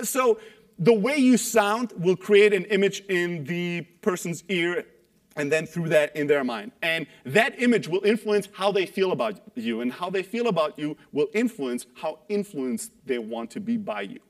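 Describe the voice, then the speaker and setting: A man giving an energetic talk on sales calls to an audience, acting out quoted voices and tagging points with "right?". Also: high-pitched. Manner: animated, acts out quoted voices, rhetorical "right?". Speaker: sales coach speaker.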